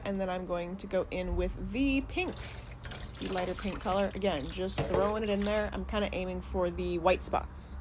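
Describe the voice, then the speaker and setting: A woman's voice: medium pitch, a little hiss or hum. Casual swearing young woman vlogger. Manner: chatty, swears casually, rambling. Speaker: vlogger, yarn dyer. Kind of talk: casual chatty vlog.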